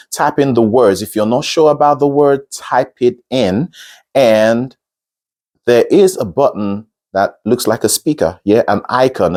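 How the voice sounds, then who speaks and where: A male singing coach talks through pronunciation at an unhurried pace, his pitch swinging widely as he stresses each point. He explains patiently, repeats key words and slips into brief sung demonstrations. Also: a little mellow. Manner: repeats words slowly and breaks into sung examples. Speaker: singing teacher. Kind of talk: instructional talk.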